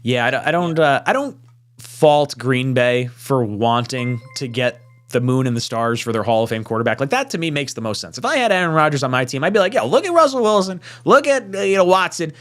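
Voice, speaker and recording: A man hosting a live fan podcast panel, reading viewer super chats and chatting casually, with animated swearing asides. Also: medium pitch, brisk. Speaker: podcast host.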